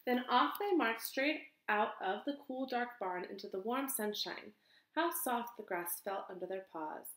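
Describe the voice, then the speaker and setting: A woman teacher reading a picture book aloud to children in an expressive, sing-song way. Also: a little high, normal speed, slight background noise. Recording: echoey room.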